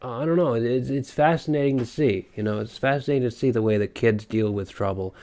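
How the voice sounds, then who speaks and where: A man's voice: medium pitch, fairly quick, a little mellow. A young man with a stuffy, nasal voice from a cold, rambling through a solo podcast monologue with many fillers and restarts. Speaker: podcast host.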